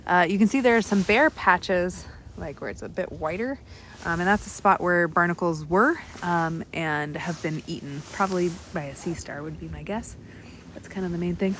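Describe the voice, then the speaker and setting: A woman giving live-streamed commentary on a night beach walk, bubbly and excitable as she points out sea creatures outdoors. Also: on the low side, normal speed, a little hiss or hum. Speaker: naturalist guide on a live stream.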